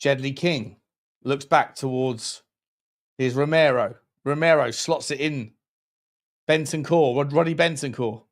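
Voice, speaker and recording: A man streaming a football watchalong, giving running commentary on the game with jokes and shout-outs to viewers. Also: mid-range voice, measured pace. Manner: jokey, excitable, chats with viewers between plays. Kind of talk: live match commentary and chat.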